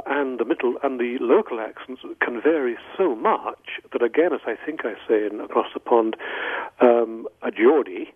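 An English author speaking as a radio guest, in standard English with a faint northern lilt, musing and hesitant, with many fillers. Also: male voice, mid-range voice, husky, no room sound. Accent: standard English with a slight northern lilt. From England. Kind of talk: radio call-in interview. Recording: dry phone-line audio.

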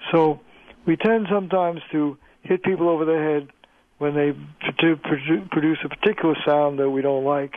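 An older man, a linguistics professor, speaks as a radio guest in a measured, explanatory way. His voice comes through a tinny phone line and sits a little high. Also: fairly even intonation. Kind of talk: radio interview.

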